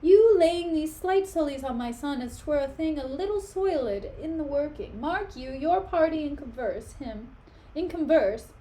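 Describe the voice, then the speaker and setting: A woman's voice: sits high, expressive, moderate pace, warm tone. A woman reading as a pompous rambling old courtier. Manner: wordy, forgetful, lecturing. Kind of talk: dramatic reading of a play.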